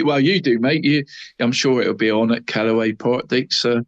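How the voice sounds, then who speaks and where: A man's voice: mid-range voice, normal speed, no echo, muffled recording. Chatty man saying "mate" constantly. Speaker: podcast co-host. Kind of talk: casual football chat.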